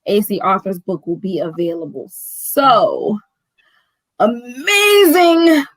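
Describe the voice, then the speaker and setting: A woman who owns a bookstore, telling a story in casual chat, animated and full of "like" and "right?". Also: mid-range voice, takes it slowly, no room sound, low-quality recording. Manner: animated storyteller, acting out quoted dialogue; fills speech with "like" and "right?". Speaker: bookstore owner.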